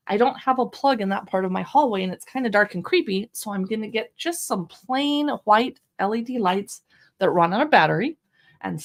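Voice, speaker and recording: A woman hosting a casual live shopping stream from home, chatting in an upbeat way about books and decor and reading short bits aloud. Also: mid-range voice. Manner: chatty, upbeat, reads short passages aloud with playful voices. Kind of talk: casual product showcase livestream. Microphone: own microphone close by.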